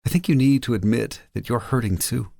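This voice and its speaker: A male audiobook narrator voicing a thoughtful, candid young woman speaking softly and earnestly. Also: mid-range voice, a little fast, creaky, dry recording, clean studio sound, pitched above the performer's own voice. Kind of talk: audiobook character voice.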